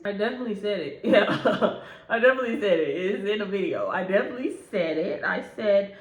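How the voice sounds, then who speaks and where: A woman casually telling a workplace story in a slangy, animated way, acting out what people said with sudden jumps in pitch and volume. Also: moderate pace, vocal fry, reverberant, poor audio. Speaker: storyteller recounting a workplace incident.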